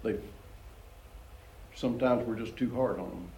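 A man's voice: measured pace, muffled recording, slight background noise. Conversational preacher man, echoey room. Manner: conversational, chuckles often, animated rises in pitch. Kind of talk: sermon, Bible teaching.

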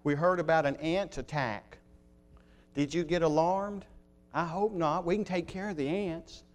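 Male preacher, somewhat high voice, storytelling sermon that slows and goes quiet for emphasis. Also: faint music behind. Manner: storytelling, slowing on key words, drops to a quiet voice. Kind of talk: sermon with illustrations.

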